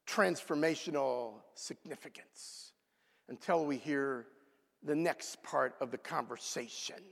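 A man preaching a sermon, swinging between loud outbursts and hushed, quiet asides. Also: on the high side, a little slow, gravelly. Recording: long hall reverb.

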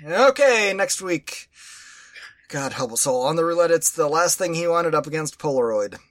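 Male podcast host, slightly high voice, halting and teasing in casual chat. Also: animated, fairly bright tone. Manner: stammering restarts, teasing.

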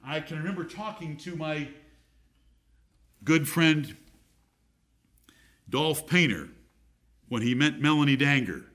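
A man's voice: on the high side, lively intonation, takes it slowly, pauses often, a bit bright. A middle-aged man preaching a sermon, reading scripture aloud and repeating key phrases for emphasis.

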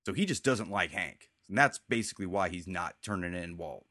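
A man's voice: sits low, lively intonation, fairly quick, bright, forceful tone, dry recording, studio quality. A man hosting a casual chat, rambling as he recaps TV scenes and quotes the characters' lines. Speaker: podcast host.

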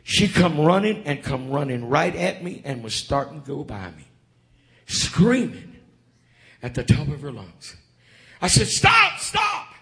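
A man preaching a revival sermon in church, building up to shouted calls to the congregation. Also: mid-range voice, animated, a little slow, long pauses.

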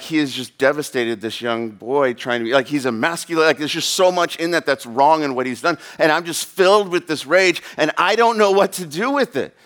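A man's voice: a little high, fairly bright tone. A man in his thirties preaching a sermon in a casual, rambling way, full of fillers and asides. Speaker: pastor.

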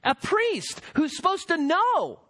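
Guy pastor preaching, kinda high voice, leans hard on the key words, asks the crowd questions. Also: wildly swooping pitch, slow pace, pushed and bright. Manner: emphatic, rhetorical questions. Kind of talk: sermon.

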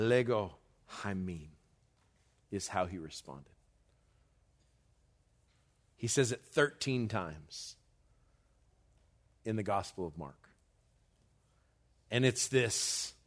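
A man preaching a sermon as pastor, slow and deliberate, building to loud urgency in a church. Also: fairly low pitch.

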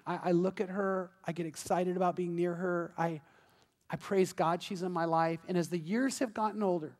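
A middle-aged man preaches a sermon, earnest and heartfelt, telling stories with acted-out voices. His voice sits high for a man. The sound carries the long reverb of a church hall. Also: darkish tone. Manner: storytelling, acting out voices in anecdotes. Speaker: pastor.

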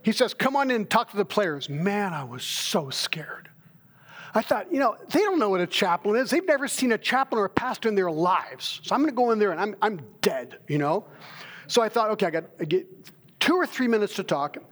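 A man with a high voice preaches from the pulpit. He is a middle-aged pastor who tells stories with animated energy and acts out the dialogue. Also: fast. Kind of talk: sermon.

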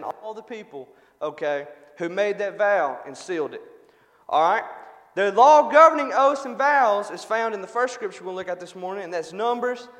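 Halting folksy preacher, high voice. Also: male voice, a bit bright. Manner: folksy, halting, frequent "all right?" check-ins. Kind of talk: sermon with prayer and joke. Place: church sanctuary. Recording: long reverb of a church hall.

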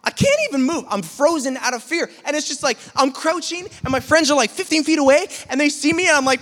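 A man telling a lively personal story in a sermon, sometimes imitating gunfire and shouting. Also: extremely high pitch, fairly quick. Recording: long reverb of a hall.

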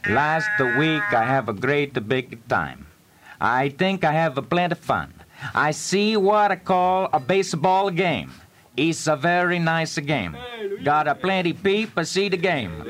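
A man's voice: on the high side, very animated, measured pace, noisy background. A man playing a chatty immigrant man who tells a rambling story in broken English, on a comedy radio show. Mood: boastful.

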